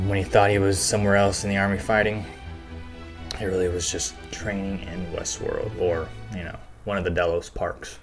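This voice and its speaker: Low-voiced man recapping casually. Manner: loose and chatty, heavy on fillers, casual swearing. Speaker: show recap host. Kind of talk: casual episode breakdown.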